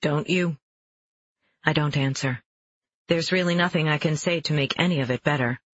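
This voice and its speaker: Brief: male audiobook narrator, somewhat high, husky, measured first-person reading, dull lo-fi sound. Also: a bit bright. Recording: dull lo-fi dry recording.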